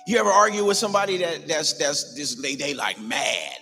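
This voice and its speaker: In a church sanctuary, a pastor preaches a sermon with passion, repeating phrases to drive his points home. His voice is fairly high, sing-song and sharp, with vocal fry, normal speed and few pauses. The large hall gives a long reverb, with faint music in the background.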